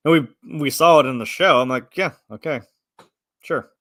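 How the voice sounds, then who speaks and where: Bright-voiced chatty man in his thirties. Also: on the high side, moderate pace, no echo, studio quality. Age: 30s. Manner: rambling, animated, acts out his own reactions. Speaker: podcast co-host reviewing films. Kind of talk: casual chat.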